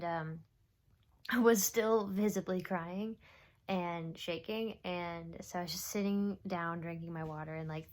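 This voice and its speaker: A young woman talking straight to camera in a casual confessional vlog. She rambles and overshares, filling gaps with ums and little laughs, and now and then drops to a whisper. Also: medium pitch. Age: young adult. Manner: rambling, oversharing, with frequent fillers and soft laughs. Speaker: vlogger.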